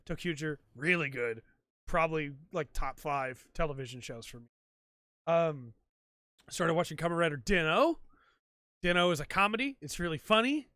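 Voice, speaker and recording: A man's voice: on the high side, expressive, normal speed, sharp tone, dry recording, clean studio sound. A man hosting a podcast, chatting casually and rambling with lots of ums and likes. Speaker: podcast host. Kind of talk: casual solo chat. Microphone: desk mic for a stream.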